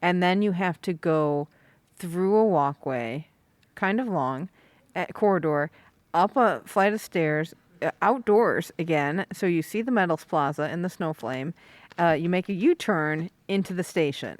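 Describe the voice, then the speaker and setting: A woman's voice: fairly low pitch, measured pace, dry recording. A woman co-hosting a casual chat, reacting with laughs and then describing a route step by step. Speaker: podcast co-host.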